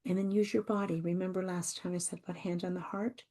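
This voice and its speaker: A woman hosting a self-help podcast, talking gently and reassuringly and repeating her phrases. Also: lowish voice, little pitch movement, fast talker. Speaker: podcast host.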